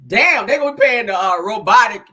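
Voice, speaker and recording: A woman hosting a casual gossip show, loud, laughing and full of slang as she teases. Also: fairly high pitch, animated, moderate pace, husky. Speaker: show host.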